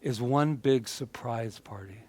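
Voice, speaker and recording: A man's voice: mid-range voice, unhurried, darkish tone. A male minister giving a casual, joking sermon and chatting with his congregation. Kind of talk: conversational sermon.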